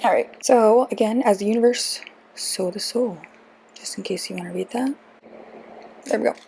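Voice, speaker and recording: A woman's voice: medium pitch, normal speed, gravelly, dark tone, a little hiss or hum, poor audio. A young woman hosting a casual tarot vlog, rambling and self-deprecating, with lots of chatty asides. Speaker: tarot reader, channel host.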